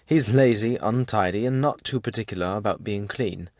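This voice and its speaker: A man's voice: fairly low pitch, normal speed, a little mellow, dry recording, studio quality, lightly acted. A man reading as a homely working man. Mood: earnest. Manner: earnest, homely storytelling. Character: plain-spoken northern working man, middle-aged, warm.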